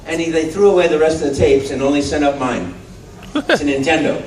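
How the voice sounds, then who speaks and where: A man with a fairly high voice spins a lively story for a panel crowd, jumping into other people's voices as he goes. He was taped on a phone far out in the audience, so he sounds distant in a big echoey room with faint ambient noise. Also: normal speed. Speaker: voice actor guest on a panel. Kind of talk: anecdote told to a fan panel. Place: large convention panel room. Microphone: phone held in the audience, far from the stage.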